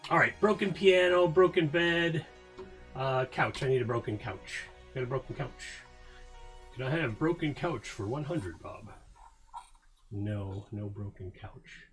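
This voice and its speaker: A man's voice: medium pitch, animated, unhurried, a bit bright, soft background music. A man casually chatting on a live stream while working, rambling, joking and talking to himself. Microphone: headphones on.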